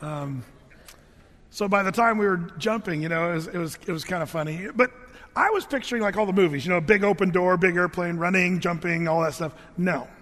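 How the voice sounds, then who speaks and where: A middle-aged man with a notably high voice tells a funny story from his past in a loose, rambling way, backing up and restarting his sentences. His voice carries into a large hall and trails off in a long reverb. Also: fairly quick, a bit bright. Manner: loose, rambling, self-correcting. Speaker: speaker telling a personal story. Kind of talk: humorous storytelling to an audience.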